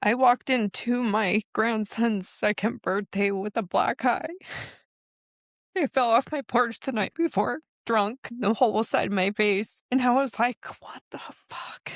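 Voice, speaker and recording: A woman's voice: fairly high pitch, unhurried, dry recording, studio quality. Candid woman in her forties telling her story. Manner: candid, emotional storytelling with animated quoted voices. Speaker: podcast guest. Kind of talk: casual chat.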